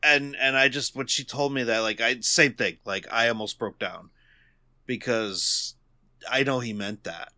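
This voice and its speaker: Bright-voiced halting young man. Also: medium pitch, no echo, studio quality. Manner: heartfelt, halting, restarts often. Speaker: podcast co-host. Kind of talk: casual podcast chat.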